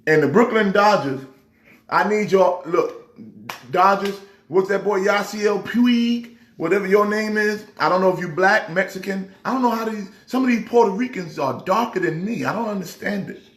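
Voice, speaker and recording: A pastor hosts a casual sports vlog, chatting to camera in a high-sitting voice at normal speed. He talks emphatically and rambles through his trash talk, recorded in an echoey room.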